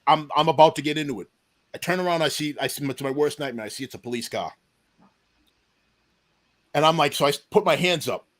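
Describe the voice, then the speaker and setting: A man in his forties tells a long story from his youth as a guest on an interview show. He is animated, jumps into the voices of the people in the story, and his voice sits a little on the high side. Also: a little fast, pauses often. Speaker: deputy police chief, podcast guest.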